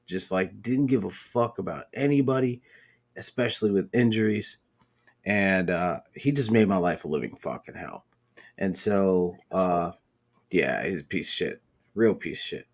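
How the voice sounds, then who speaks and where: A man with a fairly low voice hosts a casual podcast chat. He tells stories in an animated way, full of swearing. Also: moderate pace. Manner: profane, animated storytelling. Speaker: podcast host.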